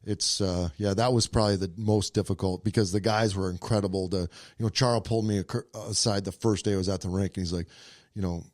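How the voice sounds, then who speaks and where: A man in his thirties from Minnesota, a podcast guest and former hockey player, telling stories in a relaxed, reflective way. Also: deep voice, fast, no echo, clean studio sound. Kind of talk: casual chat.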